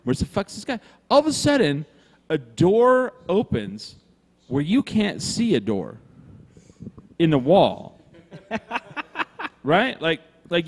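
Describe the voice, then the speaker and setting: A man recorded live in a brewery room with long reverb trailing his voice. He tells a rambling story casually, swearing freely and putting on the other people's lines as he goes. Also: on the high side. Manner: animated, swears freely, acts out quoted voices. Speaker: podcast co-host telling a story.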